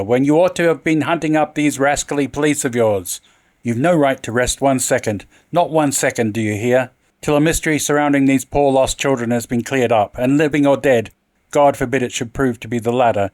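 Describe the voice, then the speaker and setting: A man's voice: mid-range voice, normal speed, darkish tone, no room sound, lightly acted. A man playing an anguished, furious old general. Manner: emotional, anguished, then furious. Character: stern grieving army general, older man, hot-tempered.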